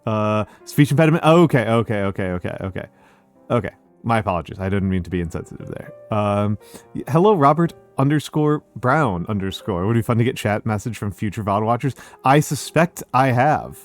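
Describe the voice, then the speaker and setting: A man's voice: lowish voice, expressive, brisk, soft background music. A man streaming live who chats casually, reads out viewer messages, greets each viewer by name and repeats short phrases over and over. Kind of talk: casual chat with a live audience.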